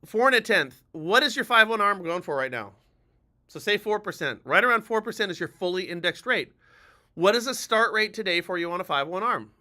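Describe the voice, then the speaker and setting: A man's voice: high voice, bright, forceful tone. A man hosting a live-streamed coaching talk for mortgage lenders, speaking emphatically and urgently, blunt and a little profane. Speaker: mortgage lender and show host.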